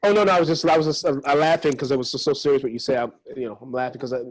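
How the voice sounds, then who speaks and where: A man's voice: medium pitch, steady tone, racing, poor audio. A man hosting an interview who reacts eagerly and talks with many restarts and repeated words. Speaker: interview host. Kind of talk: casual interview talk.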